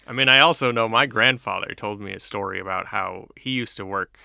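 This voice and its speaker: A man's voice: fairly low pitch, fairly quick, gravelly, sharp tone, no echo, clean studio sound. A man from New Hampshire co-hosting a casual history podcast, easygoing and joking. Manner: easygoing, joking, laughs a lot. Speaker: podcast co-host.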